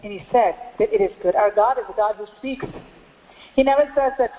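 A woman pastor preaching a sermon, repeating phrases in a steady cadence and asking rhetorical questions. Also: a little high, a little fast. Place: church hall. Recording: echoey church hall, slightly dull sound.

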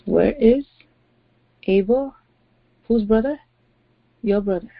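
A woman's voice: on the high side, takes it slowly, no echo. A woman pastor preaching a sermon, stressing her points by repeating phrases. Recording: dry, dull lo-fi audio.

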